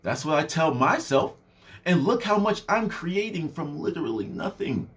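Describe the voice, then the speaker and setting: Lively man with a high, bouncing voice. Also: moderate pace. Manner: animated, swings voice up and down for effect; conversational with many fillers. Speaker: motivational speaker. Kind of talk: casual motivational monologue.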